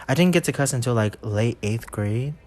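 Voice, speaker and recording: A young man in casual podcast chat, swearing freely as he spins school stories. He laughs through his own punchlines. His voice sits at an ordinary pitch. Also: lively intonation, normal speed, a little mellow. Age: young adult. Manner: loose storytelling, heavy cursing, laughing as he goes. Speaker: podcast co-host.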